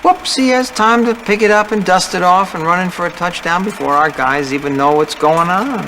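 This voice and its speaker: An actor playing a timid, anxious middle-aged football coach who mutters to himself in hushed, jittery tones, in a movie clip. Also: male voice, sits high, moderate pace, noisy background. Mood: muttering.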